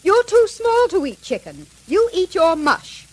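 A woman's voice: very high-pitched, wildly swooping pitch, a little slow, faint music behind, heavily acted. A woman voicing a stern mother hawk in a classic cartoon, scolding.

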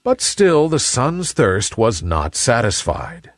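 A man narrating a children's storybook in an expressive, unhurried way. His delivery is slow and his pitch swings widely and animatedly. The recording is close and dry. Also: no room sound.

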